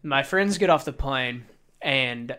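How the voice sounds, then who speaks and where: A young man co-hosting a casual podcast chat, telling stories with lots of swearing and loud acted-out quotes. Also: medium pitch, takes it slowly, clear, resonant tone. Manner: animated storyteller, swears a lot, acts out quotes loudly. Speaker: podcast co-host.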